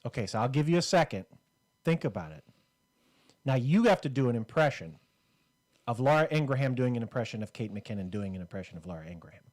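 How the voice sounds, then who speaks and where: A man's voice: medium pitch, very animated, fast, darkish tone. A man co-hosting a comedy podcast, rambling and joking in casual banter. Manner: rambling, joking, with frequent fillers. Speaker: podcast co-host.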